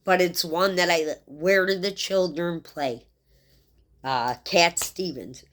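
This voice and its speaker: A woman's voice: lowish voice, takes it slowly, a bit bright. A middle-aged woman giving a casual, rambling tarot reading and talking straight to her viewers in a heartfelt way. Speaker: tarot reader.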